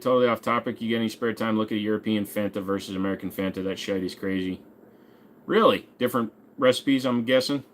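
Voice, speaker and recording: A man in his forties with a lowish, slightly bright voice hosts a casual livestream. He reads viewer questions aloud and jokes back in a laid-back way, swearing now and then.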